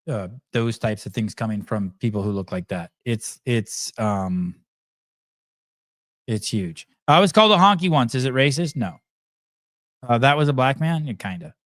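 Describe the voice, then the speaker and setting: A man's voice: lowish voice, darkish tone, no echo. A man hosting a podcast, talking casually and bluntly with lots of fillers and restarts. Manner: halting, many fillers and restarts, blunt with swearing. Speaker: podcast host. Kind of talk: casual commentary while playing clips.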